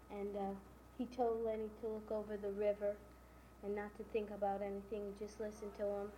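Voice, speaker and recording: A woman's voice: medium pitch, warm tone. A woman casually retelling the plot of a novel, stringing events together with "and then" and "you know". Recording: dull lo-fi recording with faint hiss.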